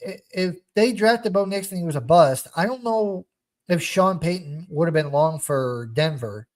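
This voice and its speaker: A young man co-hosts a casual football podcast, slightly high in pitch. He talks in an animated, rambling way, full of restarts and fan excitement. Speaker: podcast host. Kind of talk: casual sports chat.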